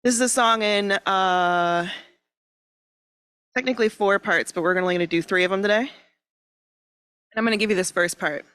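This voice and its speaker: A woman minister leading a congregation in song, giving quick, quiet instructions between the sung lines. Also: mid-range voice, smooth, no echo.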